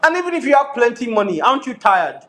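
A middle-aged Nigerian pastor with a Nigerian accent preaches an animated sermon, slipping into pidgin and laughing often. His voice is very high, and he talks fast.

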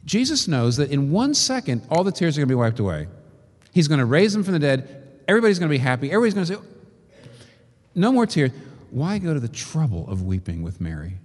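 A male pastor delivers his sermon with animated pitch, rising and falling across questions and emphatic lists. His voice rings with the long reverb of a large hall. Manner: expressive preaching with rhetorical questions and slow emphatic lists.

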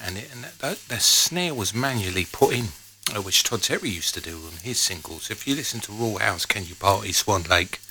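Low-voiced radio DJ man. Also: bright, forceful tone, slight background noise, rough recording. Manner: rambling, anecdotal, many fillers. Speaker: radio DJ host. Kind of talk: casual on-air chat between records.

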